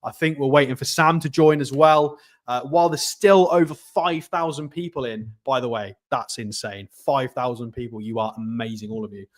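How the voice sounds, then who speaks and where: A man hosting a live football watchalong, chatty and excitable, reading out and thanking viewer messages. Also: mid-range voice, normal speed. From North East England. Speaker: football channel host. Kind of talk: live match watchalong commentary.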